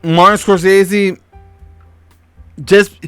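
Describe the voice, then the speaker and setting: A man's voice: high voice, level tone, extremely slow, a bit bright, clean tone, no echo, soft background music. A young man co-hosting a casual podcast chat, blunt and teasing as he trash-talks a friend. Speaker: podcast co-host.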